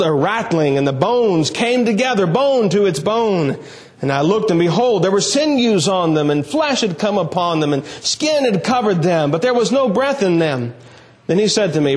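A man preaching a sermon, reading scripture aloud and then speaking in an earnest, emphatic way with slow, weighty pauses. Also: high voice.

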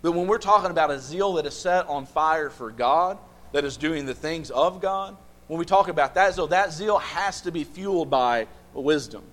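A man leads a Bible study with a voice pitched a little high. He keeps firing questions at the group and repeats key phrases to drive them home. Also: normal speed, a bit bright. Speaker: Bible class teacher.

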